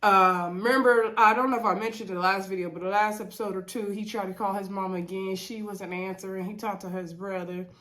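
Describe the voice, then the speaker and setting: Congested from a cold, this woman recaps reality TV for her vlog in a brisk mid-range voice with few pauses. Her talk stays relaxed and chatty, Southern-leaning, sprinkled with fillers and frequent "y'all."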